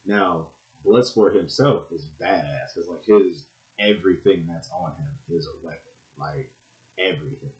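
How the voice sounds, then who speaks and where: A man casually reviewing movies, swinging between loud excited bursts and mumbled asides. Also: deep voice, measured pace. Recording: echoey room, dull lo-fi sound.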